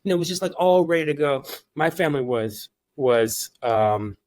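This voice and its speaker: Halting, rambling man in his forties. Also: fairly high pitch, expressive, a little mellow, no echo, clean studio sound. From Iran. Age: 40s. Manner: halting, full of restarts and "like". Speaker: guest. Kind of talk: casual interview.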